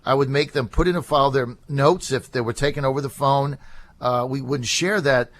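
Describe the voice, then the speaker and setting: A man's voice: mid-range voice, moderate pace, a bit bright. A man hosting a talk radio show, talking in a rambling, conversational way with many fillers.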